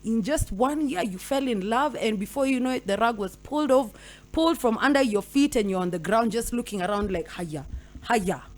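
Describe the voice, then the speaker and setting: A young Kenyan woman talks to her radio listeners in a fairly high voice. She tells a relationship story with animated voices for each person and mixes Swahili slang into her English. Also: fairly quick. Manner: animated storytelling, acting out both partners. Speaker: radio host. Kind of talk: radio talk monologue.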